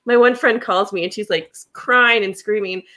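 A young woman hosting a podcast, telling personal stories in a casual, animated way and laughing often. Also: mid-range voice, normal speed. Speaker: podcast host. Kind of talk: casual storytelling chat.

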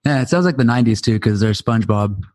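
A man's voice: fairly low pitch, lively intonation, fast, darkish tone, no room sound. A man in his forties, a podcast co-host chatting casually with a wry, laid-back manner. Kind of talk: casual chat.

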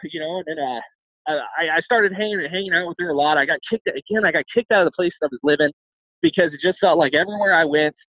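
A man candidly telling his own life story as an interview guest, talking rapidly with frequent restarts and repeated words. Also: on the high side, dry recording. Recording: tinny phone-like sound, dry.

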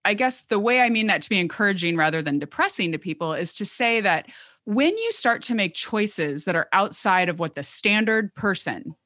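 A woman's voice: medium pitch, expressive, moderate pace, bright, forceful tone, no echo, studio quality. A woman in her thirties, an occupational therapist guest, talking chattily and rambling with lots of filler words. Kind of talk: conversational interview.

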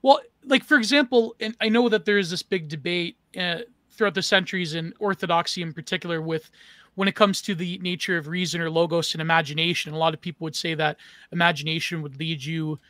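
A man's voice: fairly high pitch, steady tone, quick pace, a bit bright, no room sound. A man co-hosting a casual podcast discussion, rambling and searching for words as he asks questions. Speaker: co-host.

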